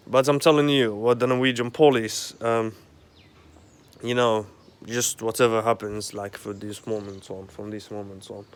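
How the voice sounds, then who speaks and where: A man in a rambling monologue at home, agitated and profane, halting often with fillers. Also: mid-range voice, smooth. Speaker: vlogger. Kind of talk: rambling direct-to-camera monologue. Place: at home, indoors.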